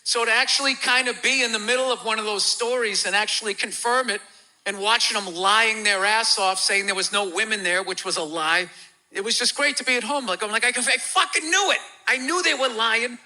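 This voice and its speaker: A man from America telling stories as a comedian guest on a talk show, his voice pitched high for a man and strikingly bright and cutting. He swears freely and bursts into loud, animated impressions of the people in his stories. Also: fairly quick. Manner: profane, animated, acts out quoted voices loudly.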